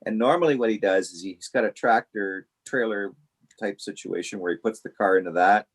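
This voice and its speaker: Animated man telling stories. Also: on the low side, a little fast, slightly rough. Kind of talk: casual storytelling.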